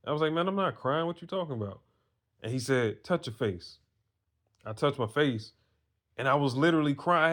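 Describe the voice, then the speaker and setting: A man speaks straight to other men in a loose, earnest monologue. He tells his own story plainly, then preaches his point with blunt conviction and the odd curse. His voice sits at an everyday middle pitch. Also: fairly bright tone. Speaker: vlogger giving advice to men.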